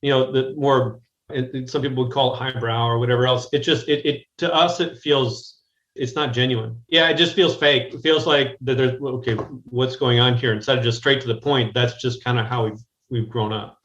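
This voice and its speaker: A man's voice: medium pitch, steady tone, normal speed, fairly bright tone. An American man talks business in a loose, rambling way, circling back and restarting his thoughts before landing on a blunt point. His voice sits in a middle register and comes through a slightly dull, muffled remote connection with a roomy echo around it. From United States. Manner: rambling, frequent restarts, direct. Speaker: guest business strategist. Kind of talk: conversational interview. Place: Chicago, remote call.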